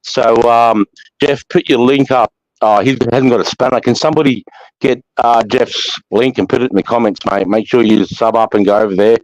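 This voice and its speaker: Aussie bloke host, mid-pitched, dry close sound, swears freely while thanking viewers one by one. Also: male voice, steady tone, moderate pace, no room sound, rough recording. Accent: Australian. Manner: sweary, matey shout-outs to chat. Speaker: livestream host. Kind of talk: casual livestream chat.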